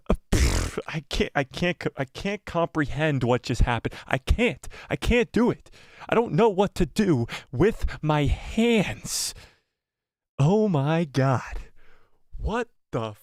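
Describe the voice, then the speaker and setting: A man's voice: sits high, no room sound, studio quality. A man hosting a live watch party, reacting in stunned disbelief, stammering and repeating himself between yelps and mutters. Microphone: headphones and desk mic.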